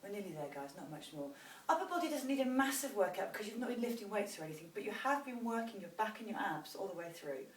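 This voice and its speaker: A woman's voice: mid-range voice, big pitch swings, fast, recorded from a distance. Encouraging woman fitness instructor, off-mic. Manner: encouraging, demonstrating stretches while talking. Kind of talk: guided stretching instruction. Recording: roomy sound from off-mic with faint noise.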